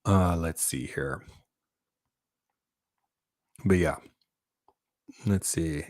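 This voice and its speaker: A man's voice: deep voice, very slow, a little mellow, no echo. A man hosting a casual livestream chat, rambling with many fillers and restarts as he reads viewer comments. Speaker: YouTube channel host.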